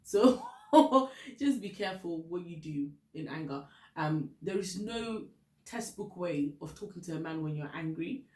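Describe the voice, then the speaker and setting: A woman's voice: lowish voice, expressive, a little slow, warm tone, roomy sound. A woman from Ghana with a Ghanaian English accent, chatting candidly and laughing often as she gives relationship advice. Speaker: vlogger giving relationship advice. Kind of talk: casual advice chat.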